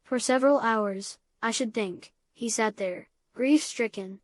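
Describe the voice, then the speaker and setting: A woman narrating an old novel for an audiobook, clear and even. Her voice is a little higher than most and the recording is dry and close, with no room sound. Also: a little slow, no echo. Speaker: audiobook reader. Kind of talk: reading a classic novel aloud.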